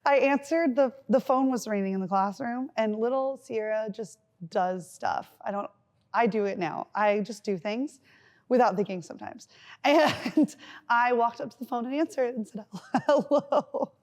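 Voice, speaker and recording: A young woman with a slightly high voice, co-hosting a casual podcast. She rambles through childhood stories and giggles often. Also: moderate pace, a little mellow. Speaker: podcast co-host. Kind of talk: casual chat.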